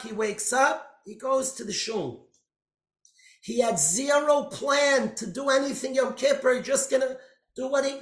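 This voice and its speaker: A man giving an impassioned storytelling sermon, swinging between loud outbursts and hushed lines. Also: extremely high pitch. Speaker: speaker giving a religious talk. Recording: echoey room.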